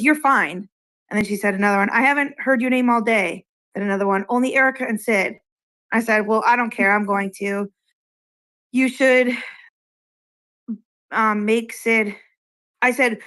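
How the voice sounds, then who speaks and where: A woman from Massachusetts with a fairly high voice tells a story in casual chat. She retells an online game argument line by line, quoting both sides and swearing freely. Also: moderate pace, pauses often, fairly bright tone.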